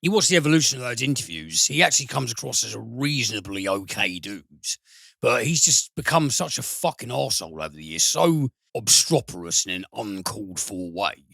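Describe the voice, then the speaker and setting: A man's voice: mid-range voice, very animated, fairly quick, creaky, sharp tone, no echo. A man co-hosting a film podcast, blunt and sweary as he rants about actors. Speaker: podcast co-host. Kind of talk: casual film podcast chat.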